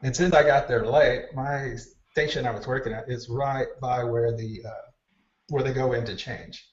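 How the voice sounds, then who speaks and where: A man of medium pitch and normal speed plays an animated hair stylist guest in a casual storytelling interview, voicing the people in his backstage anecdotes. The sound comes from a distant mic in a roomy space, dull and lo-fi.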